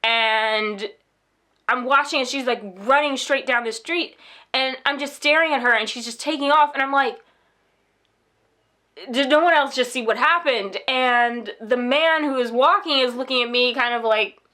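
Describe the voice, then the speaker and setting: A woman vlogging at home, shaken and upset, telling a story in a rushed, animated way and acting out the people in it. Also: high voice. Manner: animated, rushed retelling with quoted voices. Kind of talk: casual storytelling vlog. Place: at home indoors.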